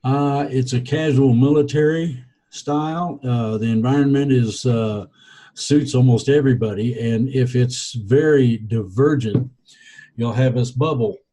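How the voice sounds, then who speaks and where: Mellow, husky man, rambling slowly. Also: mid-range voice, rough recording. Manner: rambling, hesitant, full of fillers. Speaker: guest. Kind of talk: casual podcast chat.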